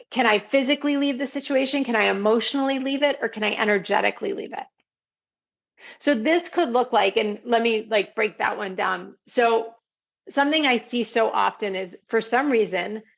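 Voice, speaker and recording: A podcast host and parenting coach teaches listeners conversationally, explaining step by step and checking in often with "right?" Her voice is a little high and creaky, and the audio sounds dull.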